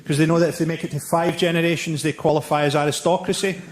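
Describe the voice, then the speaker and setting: A man performing a stand-up routine with a deadpan, biting delivery. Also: on the high side, fast talker, noisy background. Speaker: stand-up comedian. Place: theatre stage with audience. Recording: live show with loud audience laughter.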